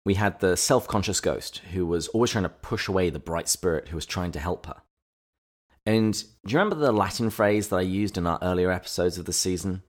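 A man co-hosting a casual podcast, summarizing chapters and reflecting on them in a relaxed, thoughtful way. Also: deep voice, a little fast. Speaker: podcast co-host. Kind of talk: casual book-discussion podcast.

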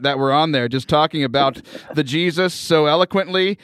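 A man's voice: a little high, lively intonation, normal speed, no echo. A man from the United States hosting a podcast in casual interview chat, chatty and jokey, often restarting his sentences. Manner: chatty, jokey, stumbles over starts. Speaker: podcast host.

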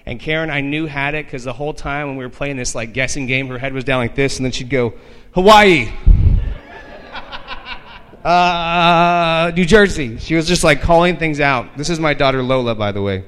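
A man emceeing a gathering, introducing the next speaker with a lively story and acting out the voices of the people in it. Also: mid-range voice, quick pace, hardly any pauses, long reverb tail, slight background noise. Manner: lively, acts out quoted voices.

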